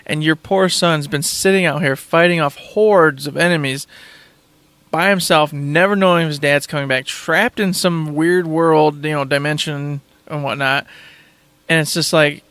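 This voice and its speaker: Enthusiastic male podcast host, rambling casual chat, fairly high voice, dry sound. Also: fairly even intonation, normal speed, fairly bright tone, clear, resonant tone, no echo.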